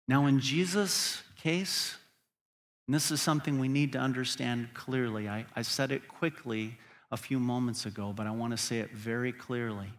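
A man's voice: mid-range voice, steady tone, normal speed. A man preaching a sermon as pastor, earnest and building to emphatic peaks.

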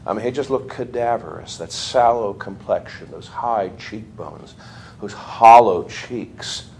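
A man's voice: lowish voice, a little slow, vocal fry. A man giving a history lecture to a class, telling stories animatedly and laughing as he talks. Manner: animated storyteller, laughs while talking. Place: lecture room with students.

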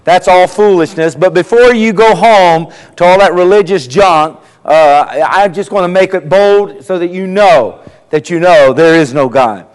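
A man's voice: sits high, moderate pace, clear, resonant tone. A man preaching a sermon, telling folksy jokes and acting out the voices in them. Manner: folksy storytelling, acts out voices in his jokes. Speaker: pastor. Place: church sanctuary. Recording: long hall reverb.

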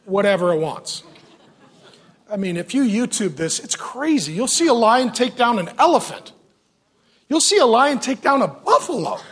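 A male preacher with a high voice that swings widely up and down. He delivers a sermon in an animated, joking way and keeps throwing questions at his listeners. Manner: lively, joking preacher who asks the audience questions. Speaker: pastor.

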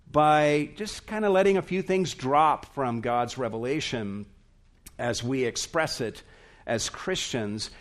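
A man preaching a sermon as pastor, earnest and emphatic, stretching out stressed words. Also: a little high.

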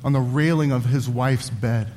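A man in his thirties preaching a sermon as pastor, earnest, with restarts and quick wry asides. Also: mid-range voice, fairly even intonation, mellow, a little hiss or hum. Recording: church hall reverb.

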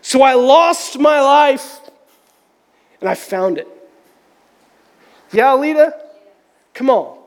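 Male pastor, candid storytelling sermon, high register, long church-hall reverb. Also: lively intonation, takes it slowly, pauses often. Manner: candid, conversational, self-deprecating.

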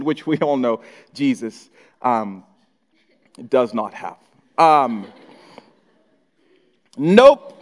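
Animated male preacher in a reverberant hall. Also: high-pitched. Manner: animated preaching, speaking as Jesus in first person. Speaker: pastor. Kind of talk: sermon.

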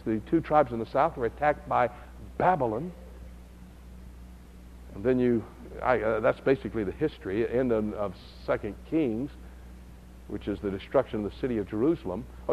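A man teaching a Bible study lesson, who builds to loud, high-pitched emphasis. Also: dull audio, slight background noise.

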